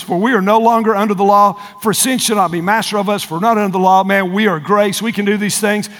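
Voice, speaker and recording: A male pastor with a drawl preaching to a large congregation, his voice sitting high for a man. He presses his points hard and calls out for responses from the crowd. The sound carries a long reverb from the church hall. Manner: climbs high and loud when fired up. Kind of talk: sermon.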